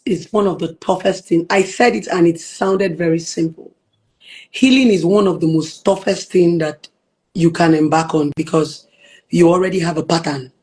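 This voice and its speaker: Nigerian lady therapist talking earnest in an interview, kinda husky voice. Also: fairly low pitch. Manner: earnest, quotes her partner in soft voices. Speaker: relationship therapist, guest. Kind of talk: interview conversation.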